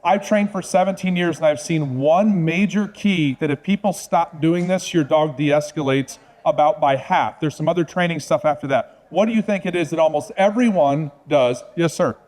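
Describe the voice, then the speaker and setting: A dog trainer speaking to an audience, confident, direct and persuasive. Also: male voice, a little high, moderate pace, few pauses, a little mellow. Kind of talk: talk to an audience.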